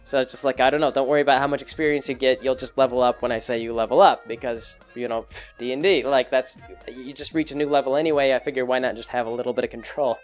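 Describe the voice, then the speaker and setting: A man's voice: medium pitch, steady tone, fast, faint music behind. A man casually recounting a tabletop campaign he ran as game master, rambling with many fillers. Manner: rambling, full of fillers and restarts. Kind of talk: casual chat.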